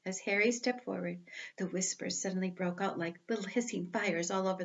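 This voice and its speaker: A woman reading a storybook aloud with careful, expressive delivery. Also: mid-range voice, fairly quick, muffled recording.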